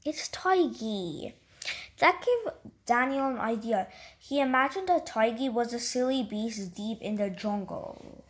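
A woman's voice: fairly high pitch, unhurried. A woman reading a children's storybook aloud in an unpolished way, stumbling and restarting. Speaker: story reader. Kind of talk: read-aloud storybook narration.

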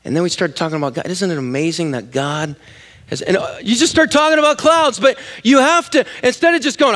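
A man preaching a sermon as pastor, animated and jokey, asking the congregation questions and acting out voices in quotes. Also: high-pitched, brisk. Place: church sanctuary.

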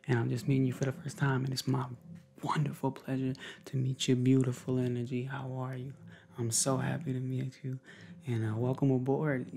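A man chatting to viewers in a casual ASMR video, moving between soft talk and whispers, rambling, upbeat and affectionate. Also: mid-range voice, vocal fry, a little hiss or hum. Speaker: ASMR creator.

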